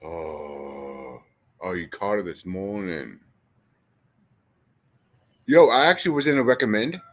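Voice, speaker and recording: On a livestream, a man with a low voice talks slowly to his viewers, rambling and swearing without restraint. His casual delivery stays animated and profane as he speaks to chat.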